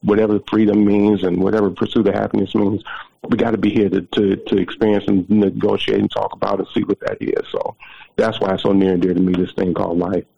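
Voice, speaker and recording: A man in his forties tells his story as a call-in guest, emotional and often repeating himself. His voice is very low and rough with fry. The line is dull and muffled. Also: flat delivery, fast talker, warm tone. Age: 40s. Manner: emotional, repeats words, preacherly near the end. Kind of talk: telling a personal story on a call-in show.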